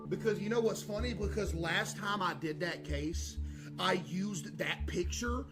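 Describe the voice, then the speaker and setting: Loud, excitable streamer. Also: male voice, sits high, measured pace. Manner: loud, excitable, jokey trash talk with sudden yelling. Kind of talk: live gameplay commentary. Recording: game music playing behind.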